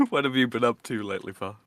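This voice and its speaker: A tired man co-hosting a live stream in casual chat, talking slowly and laughing often. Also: medium pitch, fairly bright tone, dry recording.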